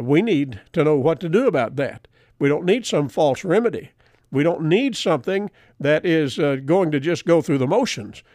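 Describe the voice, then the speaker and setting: An older man delivers a Bible lesson with earnest emphasis, drawing out the words he wants to stress. His voice sits a little high for a man. The sound is dry and close, with no room around it. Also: darkish tone, no room sound. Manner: earnest, emphatic, quotes scripture with chapter and verse; slows and stresses key words. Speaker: radio Bible teacher.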